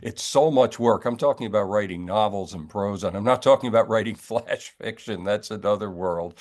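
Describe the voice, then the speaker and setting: Wry older man, low-voiced author. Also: fairly quick, darkish tone. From New York area, US. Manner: wry, rambling storyteller. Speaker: author guest. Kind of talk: relaxed interview chat.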